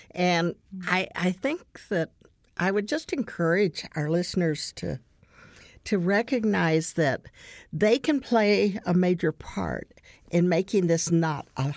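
A middle-aged woman with a somewhat low voice hosts the conversation, earnestly recounting a family story. She laughs here and there as she tells it. The recording is dry and close, with no room sound. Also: no echo. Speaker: podcast host.

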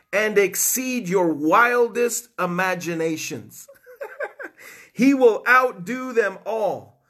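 Man, fervent live-stream preacher, high lively voice, slow deliberate delivery, husky tone. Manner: fervent, with whoops and hallelujahs; repeats key phrases. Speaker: online preacher. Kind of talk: live-streamed sermon with viewer shout-outs.

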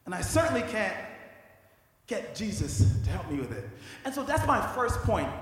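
A man's voice: sits high, very animated, normal speed, fairly bright tone. A man preaching a sermon in a conversational way, acting out scripture characters in casual slang. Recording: echoey hall with long reverb.

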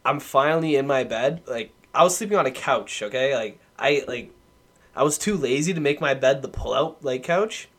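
A man's voice: mid-range voice, animated, moderate pace. A young adult man, a podcast guest, telling a story in casual chat, laughing often and swearing.

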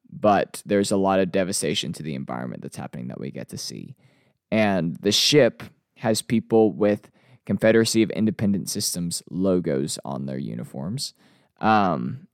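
Deep gravelly man reviewing a show. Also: no room sound, clean studio sound. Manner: relaxed, chatty with frequent ums and uhs. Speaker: TV review host. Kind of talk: casual episode review.

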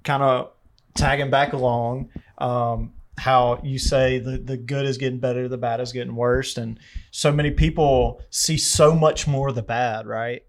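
A man co-hosting a Christian podcast, speaking in a halting way with many fillers and amens. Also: medium pitch, level tone. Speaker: podcast co-host. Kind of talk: casual faith talk.

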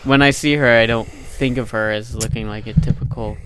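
A man's voice: mid-range voice, fairly even intonation. Easygoing male co-host, casual chat, faint background noise. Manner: easygoing, quick to laugh. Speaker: podcast co-host.

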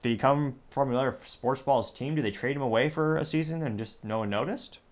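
A man's voice: medium pitch, a little fast. A man hosting a commentary show, reading social media replies aloud in a dry, mocking way. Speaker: show host.

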